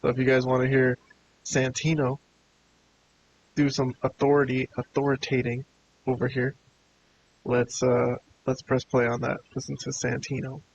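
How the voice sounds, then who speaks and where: A man's voice: mid-range voice, monotone, moderate pace, long pauses. A man giving a casual, laid-back review of a wrestling show, chatting and chuckling as he goes. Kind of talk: casual video review commentary. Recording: dull lo-fi with hiss.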